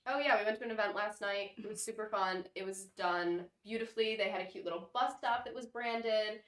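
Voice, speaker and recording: A woman's voice: medium pitch, a bit bright. A young woman co-hosting a podcast, chatting with enthusiasm in a casual recap. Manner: chatty, enthusiastic, quick to laugh. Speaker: podcast co-host. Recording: echoey room.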